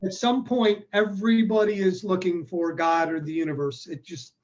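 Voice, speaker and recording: Man, 60s, interview guest, lively storyteller who voices the people he quotes; high pitch. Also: normal speed, muffled recording. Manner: animated, acts out quoted dialogue.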